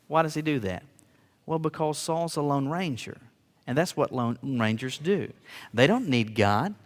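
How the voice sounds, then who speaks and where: A man delivers a sermon in a fairly high voice, building earnestly to emphatic peaks. He stumbles into small stammered restarts. A long hall reverb trails every line. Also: lively intonation, a little slow. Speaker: pastor.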